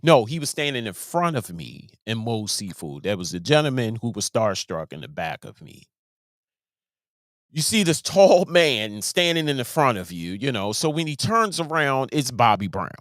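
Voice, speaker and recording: A man's voice: mid-range voice, sing-song, normal speed, a bit bright, no room sound, studio quality. A man hosting a show, giving casual commentary in an emphatic way, often repeating and restarting his words. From Baltimore, USA. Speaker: host.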